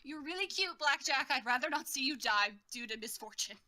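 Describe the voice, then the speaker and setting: A woman's voice: high-pitched, lively intonation, brisk, sharp tone. A woman playing a flustered, swearing goddess in disguise. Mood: pleading, cheery. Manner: blurts things out, then swears in a panic. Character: flustered young woman, hiding being a goddess.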